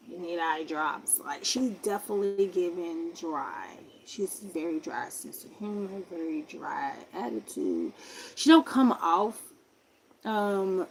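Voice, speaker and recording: A young woman casually telling a personal story, acting out other people's voices with big jumps in pitch. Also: slight background noise. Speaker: vlogger telling a life story.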